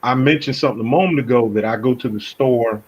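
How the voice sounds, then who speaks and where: A man from Philadelphia with a Philadelphia accent, talking through an interview in a casual, animated way and often repeating his phrases. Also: medium pitch, fast talker, dull audio, slight background noise.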